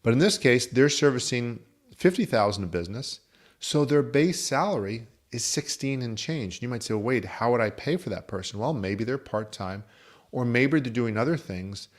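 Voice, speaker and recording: A man's voice: mid-range voice, lively intonation, moderate pace. A man teaching as a business coach, explaining methodically with worked examples. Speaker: insurance agency coach. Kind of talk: instructional talk.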